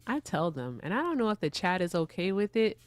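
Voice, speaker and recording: A woman's voice: fairly low pitch, very animated, a little fast, no room sound. A woman streamer chatting casually with the host, blunt and sassy. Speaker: fellow streamer. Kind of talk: casual chat.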